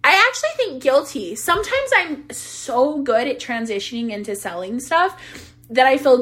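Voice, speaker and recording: A woman's voice: high-pitched, big pitch swings, normal speed, fairly bright tone. A young woman vlogger and business coach chatting casually, bubbly, swearing freely and laughing often. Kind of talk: casual chat. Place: sitting on a closet floor.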